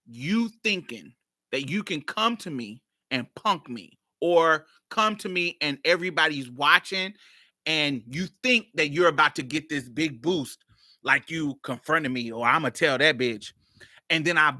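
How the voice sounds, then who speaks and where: A woman podcast host telling a personal story in a blunt, profane, animated way. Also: deep voice, no echo, clean studio sound. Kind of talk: casual storytelling.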